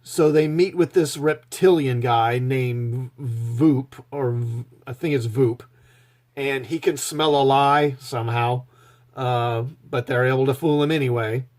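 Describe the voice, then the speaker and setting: A man's voice: medium pitch, measured pace, a little mellow. A man recapping a TV episode in a casual, sarcastic, mocking tone. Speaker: show reviewer.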